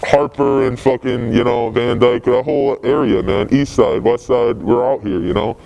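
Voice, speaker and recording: A man's voice: medium pitch, steady tone, moderate pace, gravelly, warm tone, low-quality recording. A young man, a graffiti writer telling stories in a casual interview, laid-back, rambling and full of swearing.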